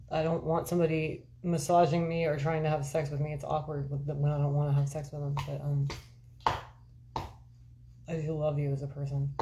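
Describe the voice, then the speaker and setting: A woman with a fairly low-pitched voice talks casually to her live-stream viewers. She rambles from thought to thought and swears freely, candid and unfiltered as she calls out to people in the chat. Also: dark tone. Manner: rambling, candid and profane, talking straight to viewers. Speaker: livestream host chatting with viewers.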